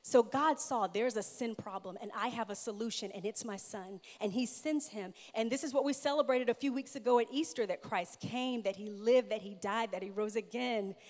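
A woman's voice: on the high side, moderate pace, hardly any pauses, a little mellow. A middle-aged woman giving an earnest, emphatic sermon-style testimony, repeating her key phrases. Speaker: speaker at a church. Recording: long hall reverb.

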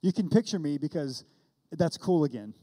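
A man's voice: a little high, lively intonation, moderate pace, dark tone. A man in his forties preaching a sermon, telling a story and acting out both sides of the dialogue. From California. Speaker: pastor. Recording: long hall reverb.

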